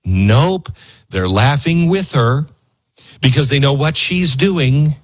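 A man's voice: mid-range voice, slow pace, breathy edge. A man hosting a political talk show, giving an opinionated, sarcastic monologue and laughing often. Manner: animated, sarcastic, laughs often and mimics people.

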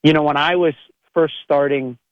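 A man's voice: on the high side, steady tone, normal speed, no echo. Earnest man, dry slightly dull audio. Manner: earnest, direct, with frequent "like" fillers. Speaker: chiropractor. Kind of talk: motivational podcast monologue.

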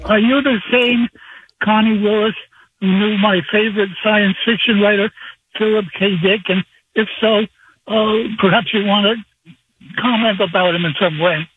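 A man's voice: high voice, steady tone, moderate pace, slightly rough, dry recording. A man from New Jersey calling in to a radio show, hesitant and polite. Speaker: radio caller. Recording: tinny phone line.

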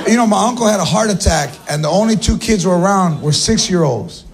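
A man's voice: high-pitched, lively intonation, fairly quick. A man telling a playful stand-up story about his family. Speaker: stand-up comedian. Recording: live show with loud crowd.

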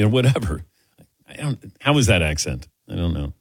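Wry sports radio host, lively and dry. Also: male voice, lowish voice, normal speed, gravelly, no room sound. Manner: wry, self-deprecating, lively delivery. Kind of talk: casual sports talk. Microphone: studio microphone.

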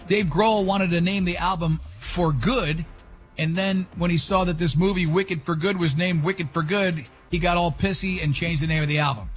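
A man's voice: high-pitched, normal speed, faint music behind. A man hosting a radio show, reading entertainment news with sarcastic asides.

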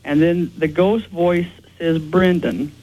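A man with a slightly high voice answers interview questions as a ghost investigator. He explains things in a plain, matter-of-fact way. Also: a little slow, a little mellow, dull audio.

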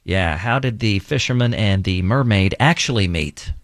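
A man's voice: fairly low pitch, expressive, moderate pace, no room sound, studio quality. A man hosting a morning radio show, trading bad jokes and teasing himself in casual banter. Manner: joke-telling, self-mocking.

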